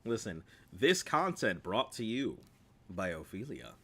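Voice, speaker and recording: A man's voice: fairly low pitch, big pitch swings, measured pace, a bit bright, slightly rough. A man streaming gameplay, joking playfully with his viewers and laughing often. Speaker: game streamer. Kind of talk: gameplay commentary chatting with viewers.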